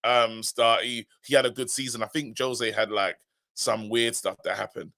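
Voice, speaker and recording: Emphatic man, bright voice. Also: mid-range voice, moderate pace, vocal fry. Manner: animated, emphatic, repeats himself. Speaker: co-host of a football fan show. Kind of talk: casual live-stream chat.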